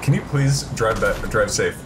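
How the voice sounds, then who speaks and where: A man's voice: on the low side, normal speed, noisy background. A man guesting on a let's play, casually helping his friends with tips on the game. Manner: helpful, explains game controls. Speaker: guest player. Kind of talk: casual gaming banter.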